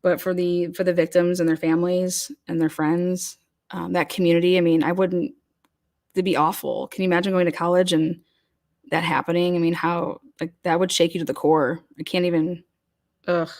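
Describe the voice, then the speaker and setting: A woman's voice: fairly low pitch, level tone, moderate pace, darkish tone. A woman hosting a casual livestream chat, talking loosely with many fillers and restarts as she reads comments. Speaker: host.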